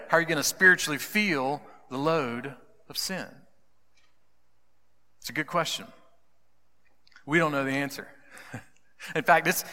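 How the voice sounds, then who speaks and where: A man preaching a sermon, dramatic, dropping to hushed whispers for emphasis. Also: a little high, in a large hall. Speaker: pastor.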